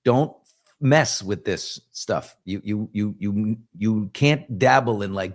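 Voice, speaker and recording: A man's voice: lowish voice, slow pace. A man in his fifties from New York, hosting a casual live chat and answering viewers, rambling and self-reflective with joking asides. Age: 50s. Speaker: host.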